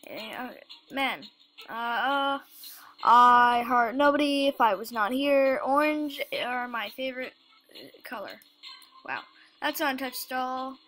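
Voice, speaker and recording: A woman giving casual game commentary, halting and stammering as she reads the game text aloud. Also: high-pitched, fairly bright tone, low-quality recording. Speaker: let's play host.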